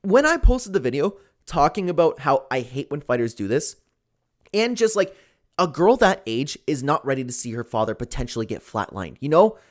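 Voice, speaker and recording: Animated young man ranting on MMA news. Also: a little high, moderate pace. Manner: animated, opinionated, frequent fillers like "like" and "man". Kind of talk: casual commentary.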